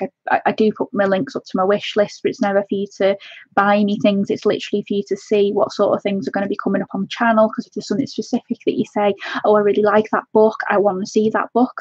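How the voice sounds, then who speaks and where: A woman hosting a colouring live stream, talking to her viewers in an emotional, halting way with many restarts. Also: mid-range voice, no room sound, dull audio. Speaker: colouring channel host.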